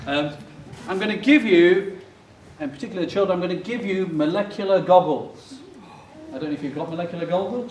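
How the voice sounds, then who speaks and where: A man's voice: high voice, noisy background. A middle-aged man, a chemistry professor, giving a playful public science lecture and joking with the children in his audience. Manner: jokey and playful, talks directly to children in the audience. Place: lecture theatre. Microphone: fixed camera from far off. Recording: echoey lecture hall from far off.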